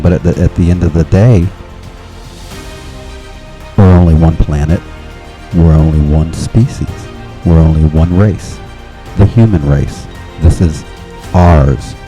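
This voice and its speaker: Male podcast host, low and very mellow, rambling delivery, faint music under him. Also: measured pace, pauses often. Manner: rambling, with restarts and nervous laughs. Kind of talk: casual monologue.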